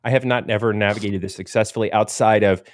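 A man's voice: on the low side, steady tone, fast, dry recording, clean studio sound. A man in his thirties co-hosting a podcast in casual chat, rambling and self-deprecating. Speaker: podcast co-host.

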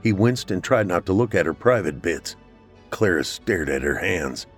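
A man narrating a scripted horror story in a steady, measured way. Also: low voice, faint music behind.

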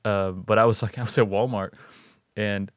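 A relaxed man in his thirties with a drawl, chatting casually on a podcast. He tells his stories loosely and laughs often. The sound is dry and close, with no room around it. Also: lowish voice, moderate pace, no room sound. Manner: laid-back, laughs often, drawling storyteller. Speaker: podcast co-host. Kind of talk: casual chat.

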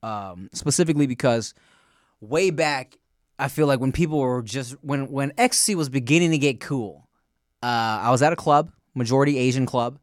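A man co-hosts a podcast in casual conversation, sounding laid-back and slangy with lots of fillers. His voice is mid-range at a normal speed, recorded with studio quality and no room sound.

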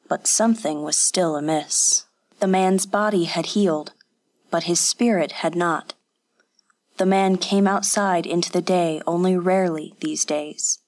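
A woman reading a story aloud in steady, measured narration. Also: on the low side. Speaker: audiobook narrator. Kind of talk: scripted narration.

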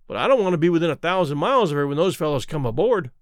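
A man's voice: on the high side, big pitch swings, very fast, no echo, clean studio sound. A man voicing a cheerful deckhand who talks in a breezy, matter-of-fact way. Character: cheerful deckhand sailor, unbothered by danger.

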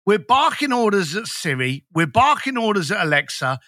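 Animated blunt man, bright voice. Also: high voice, moderate pace, dry recording, studio quality. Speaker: guest business coach. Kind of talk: podcast conversation.

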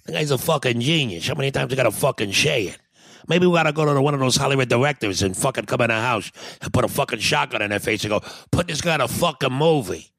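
A man's voice: mid-range voice, quick pace, gravelly, a bit bright, no echo. A man co-hosting a podcast in casual chat, boisterous and profane, often laughing. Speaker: podcast co-host.

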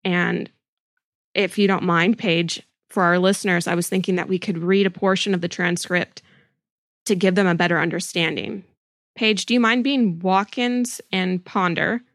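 A woman hosting a true-crime podcast, speaking in an earnest, emphatic and deliberate way. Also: lowish voice, fairly even intonation, a bit bright, no echo, clean studio sound. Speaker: podcast host.

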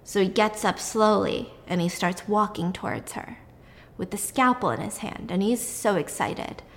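A young woman casually recapping a film's plot in animated detail, swearing freely as she goes. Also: medium pitch, normal speed, in a large hall.

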